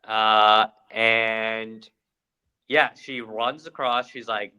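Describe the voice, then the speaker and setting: A young man co-hosting a podcast, recounting events with lively energy. His voice is bright and forceful. He tells the story casually and animated. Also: on the low side, extremely slow, smooth, muffled recording. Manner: animated retelling with acted-out quotes. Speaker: podcast co-host.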